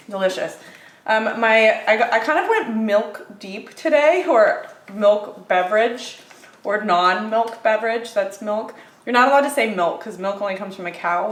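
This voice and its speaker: A young woman chatting casually as she tastes and reviews grocery finds, upbeat and quick, with lots of fillers. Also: mid-range voice, a bit bright, echoey room, low-quality recording.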